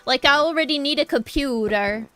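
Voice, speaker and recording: A woman's voice: high voice, moderate pace, sharp tone, soft background music. A young woman with a Norwegian accent, chatting casually with her stream chat while drawing, rambling and addressing viewers directly.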